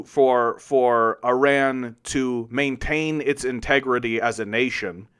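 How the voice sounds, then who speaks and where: A man's voice: mid-range voice, fairly bright tone, clean tone. A man hosting a solo political commentary show, arguing with chat in a combative, sarcastic and profane way. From Canada.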